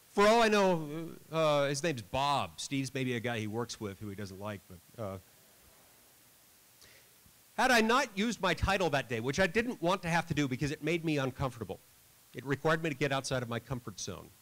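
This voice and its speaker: A man's voice: mid-range voice, sing-song, normal speed, fairly bright tone, poor audio. A middle-aged man giving a school assembly speech, telling a self-deprecating story with dry humor. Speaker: senator.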